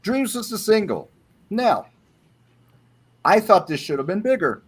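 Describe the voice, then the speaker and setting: Brief: male panelist, slightly higher voice, opinionated album reviewer, casual. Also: sing-song, unhurried, husky. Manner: opinionated, track-by-track commentary.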